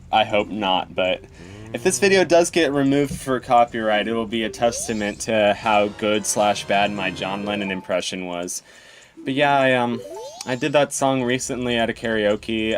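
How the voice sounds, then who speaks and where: A man's voice: lowish voice, a bit bright. A young man hosting a let's play, rambling in casual gameplay commentary with plenty of ums and self-deprecating asides. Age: young adult.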